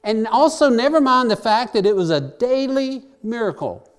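A man's voice: very high-pitched, lively intonation, moderate pace, clear, resonant tone. A man preaching a sermon, reading scripture aloud and explaining it in plain everyday words. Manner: varies pace, drawing out key phrases and speeding up asides.

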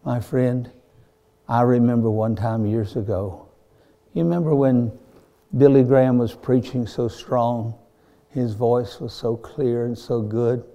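A man's voice: medium pitch, steady tone, measured pace, mellow. A man preaching a sermon, fervent and repetitive, rising to emphatic peaks. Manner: fervent, repeats "my friend", rises to emphatic peaks.

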